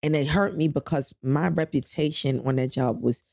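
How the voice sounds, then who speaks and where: A woman's voice: deep voice, moderate pace, creaky, darkish tone, dry recording, studio quality. A middle-aged woman from New York, telling a painful personal story in an interview, candid and profane, acting out the people in it. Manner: candid, profane, acts out voices in her story. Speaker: guest telling her life story.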